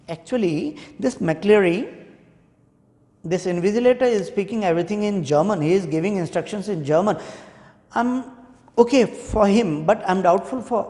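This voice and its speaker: A male teacher with an Indian English accent, reading a textbook chapter aloud and explaining it, slowly repeating key points to students. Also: high voice, a little mellow. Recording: echoey hall with long reverb.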